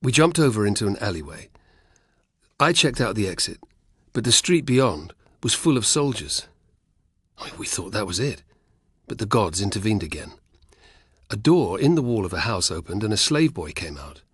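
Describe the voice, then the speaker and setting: Guy voicing a sheepish young roman spy, nervous, husky low voice. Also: big pitch swings, normal speed, pauses often, no room sound, clean studio sound. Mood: relieved. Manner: sheepish, explaining.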